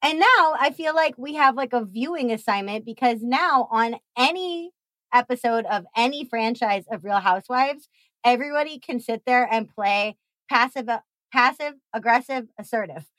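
Woman podcast host, emphatic and energetic, fairly high voice, dry close sound. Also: moderate pace, dry recording, low-quality recording. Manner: energetic, emphatic, swears freely, acts out quotes. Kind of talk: casual interview chat.

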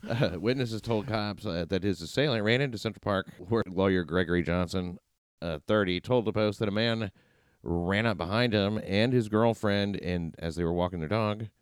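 Low-voiced New podcast host, wry and profane, dry studio sound. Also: male voice, moderate pace, clear, resonant tone, dry recording. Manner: sardonic, profane, reads news aloud. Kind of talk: casual chat.

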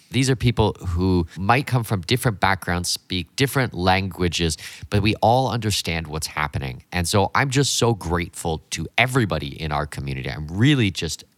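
A man in his forties hosting a solo podcast, talking with blunt enthusiasm in a voice gone hoarse from a week of speeches. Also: deep voice, a bit bright, no echo. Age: 40s. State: hoarse, half lost voice. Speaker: podcast host.

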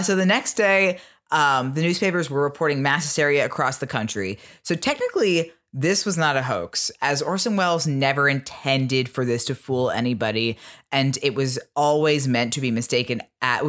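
A man's voice: mid-range voice, expressive, moderate pace, fairly bright tone. A man hosting a podcast, telling a history story in casual chat with many ums. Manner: chatty, lots of ums. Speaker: podcast host.

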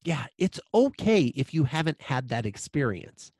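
A man's voice: fairly high pitch, big pitch swings, normal speed, darkish tone, husky, no echo. A man speaking as a guest in an interview, telling a story with emphasis and repeating short lines for weight.

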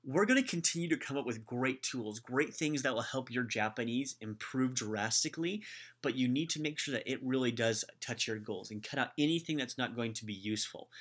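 Male podcast host, mid-pitched, blunt and opinionated, talks off the cuff and restarts often. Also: a little fast. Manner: opinionated, animated, frequent restarts. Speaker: Japanese language podcast host. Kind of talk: casual advice monologue.

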